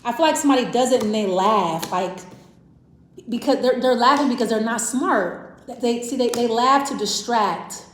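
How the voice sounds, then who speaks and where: A woman's voice: on the high side, moderate pace, slight background noise. A woman giving a casual, rambling tarot reading. She thinks aloud, restarts her sentences and repeats herself. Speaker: tarot reader. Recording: echoey room.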